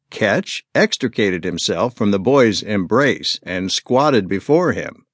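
A man narrating an audiobook with measured, expressive storytelling. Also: lowish voice, no echo, clean studio sound. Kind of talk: scripted narration.

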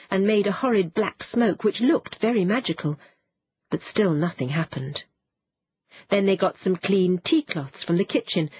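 A woman narrating a children's storybook in a lively, expressive way. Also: fairly low pitch, breathy edge, no room sound. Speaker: audiobook narrator. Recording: dull, muffled dry studio sound.

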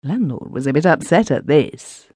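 A woman's voice: sits low, animated, moderate pace, a little mellow, slightly rough, dry recording. A woman narrating a classic story in the first person as a villager, recorded on a close studio mic. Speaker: audiobook narrator.

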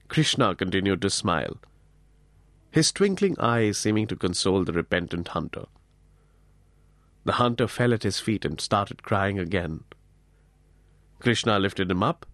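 A man narrates a novel in an audiobook with expressive, dramatic storytelling. His voice is fairly low, and he slows down and speeds up for effect. The studio sound is dry and close, with no room echo. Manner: expressive storytelling, varied pace. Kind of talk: scripted narration.

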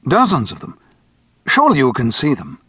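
A man's voice: medium pitch, huge pitch swings, a little fast, bright, forceful tone, husky, dry recording, full character voice. Man voicing a bewildered fifties banker. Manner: puzzled, wary, matter-of-fact. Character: bewildered male banker in his fifties, seeing things. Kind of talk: audiobook character voice.

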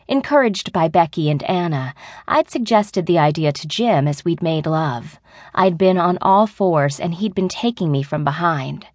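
A woman narrating an adult audiobook in the first person with an even storytelling delivery. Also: lowish voice, dry recording, clean studio sound.

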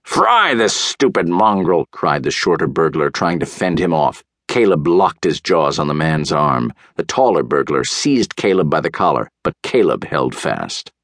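A man narrating a children's audiobook in a measured, unhurried storytelling manner, on a close studio mic. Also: very deep voice, animated, dry recording.

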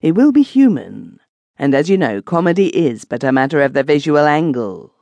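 A woman voicing a thoughtful man who tells a grim tale in a measured, sober way. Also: low voice, very animated, warm tone, no echo. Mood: musing.

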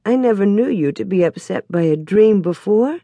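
Woman reading a practical frontier mom, brisk and homely, lively rising lilt. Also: medium pitch, dry recording, lightly acted.

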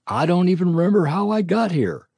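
A man's voice: sits high, expressive, a little fast, gravelly, darkish tone, slightly rough, dry recording, pitched above the performer's own voice, heavily acted. A man voicing a wounded young cowboy, tough but weak, mumbling in a drawl, in a storybook reading.

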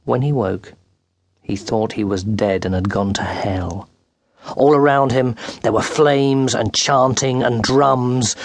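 A man narrating a children's storybook with animated, dramatic delivery that rises and quickens with the action, recorded close in a studio. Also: medium pitch, no echo. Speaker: audiobook narrator. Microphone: close studio microphone.

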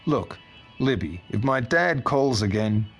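A man's voice: mid-range voice, sing-song, unhurried, breathy edge, soft background music, full character voice. A man voicing an irritable, swearing husband in a storybook reading. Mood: exasperated. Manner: exasperated, swearing. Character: irritable, crude middle-aged husband.

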